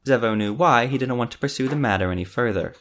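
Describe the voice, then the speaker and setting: A man reading a fantasy novel aloud as the narrator, in a measured storytelling manner. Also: medium pitch, fairly bright tone. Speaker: audiobook narrator.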